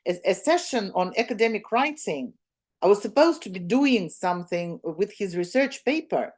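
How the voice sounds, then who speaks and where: A woman's voice: medium pitch, a little mellow. A woman with a Russian accent leading an academic workshop, speaking conversationally with frequent fillers, restarts and questions to the audience. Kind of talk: online workshop lecture.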